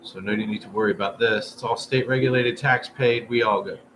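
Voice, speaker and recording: A man with a lowish, fairly bright voice chats casually with his livestream viewers, rambling along in a steady tone at a slightly fast clip. The room around him is noisy.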